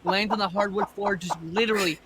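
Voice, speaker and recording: A man hosting a podcast in casual chat, swearing freely and talking quickly about his hobbies. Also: high-pitched, fairly even intonation, heavy background noise. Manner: fast, swears a lot. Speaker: podcast host. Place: home room.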